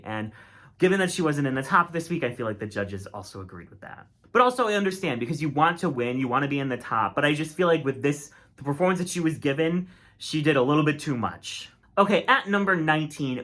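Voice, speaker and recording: A man's voice: medium pitch, a bit bright. A man giving a casual, opinionated critique monologue, chatty and full of filler words. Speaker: drag race commentator.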